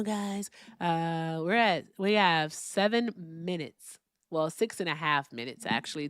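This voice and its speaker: A woman's voice: mid-range voice, a bit bright, dry recording, studio quality. A woman hosting a live call-in debate stream, blunt and profane with callers, chatting casually with viewers between calls.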